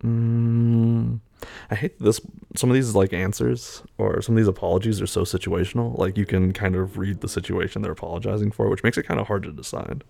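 A man's voice: lowish voice, steady tone, a little fast, gravelly, mellow, no room sound. A man talking casually as he works through a quiz aloud, hesitating and musing between the options. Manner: thinking aloud, hesitant, muttering fillers. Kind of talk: casual talk, taking an online quiz aloud.

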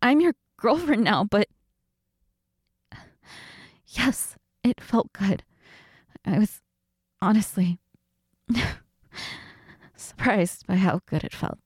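A woman voicing a submissive, flustered young housewife in an adult audio role-play, breathy and pleading. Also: mid-range voice, expressive, takes it slowly, long pauses, dry recording, clean studio sound.

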